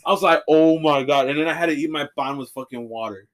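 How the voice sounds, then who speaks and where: A young man co-hosting a podcast, telling a story in animated casual chat and swearing freely. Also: fairly high pitch, very fast. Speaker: podcast co-host.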